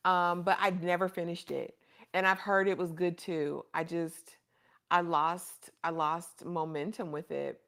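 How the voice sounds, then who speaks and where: Hosting a laid-back livestream, a woman reads out viewer comments and chats warmly, calling people honey and baby. Her lowish voice has a fairly bright tone, though her delivery is flat and a little slow.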